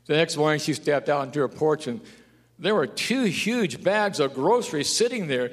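A pastor preaching a sermon, telling stories and rising to loud, emphatic declarations. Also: male voice, on the high side, moderate pace. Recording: long hall reverb.

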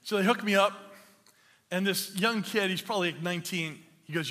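A man's voice: sits high, lively intonation, normal speed, pushed and bright. A man preaching a sermon in a church hall, telling a funny story about himself and then building to emphatic preaching. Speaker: pastor.

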